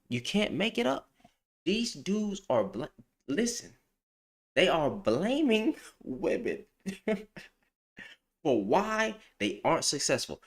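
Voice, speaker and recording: Guy ranting on his livestream, pitch jumping all over, keeps repeating himself, slangy and heated. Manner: emphatic, repeats phrases for emphasis. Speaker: livestream commentator. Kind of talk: opinionated livestream rant.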